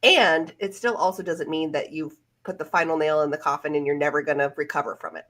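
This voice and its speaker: A woman's voice: deep voice, quick pace, fairly bright tone. A woman career coach co-hosting a live-stream Q&A, giving reassuring, practical interview advice. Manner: reassuring, advisory.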